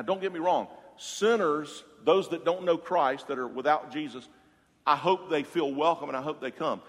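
A man preaching a sermon as pastor, passionate and swinging from loud to hushed. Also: medium pitch. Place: church sanctuary. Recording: long hall reverb.

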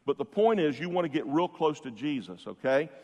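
A pastor delivering a sermon, his fairly high voice climbing on emphatic points and slowing to stretch out key words. He restarts phrases as he goes, and his voice trails off into the long reverb of a large hall. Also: big pitch swings, darkish tone, dull audio. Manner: preaching with emphatic rises, drawn-out words and restarts.

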